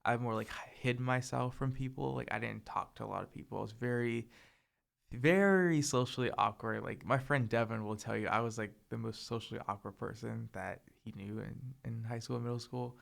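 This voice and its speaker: A soft-spoken young man co-hosting a casual podcast chat, talking hesitantly with lots of filler words. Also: medium pitch, a little fast, vocal fry. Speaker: podcast co-host.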